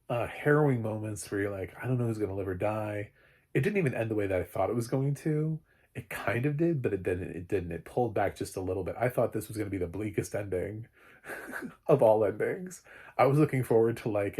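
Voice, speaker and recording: A low, husky male voice talking loosely through a review. He rambles, fills pauses with "like" and "uh", and breaks into laughter often. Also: a little mellow. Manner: chatty, rambling, laughs often, many fillers. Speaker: film critic. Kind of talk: casual spoken review.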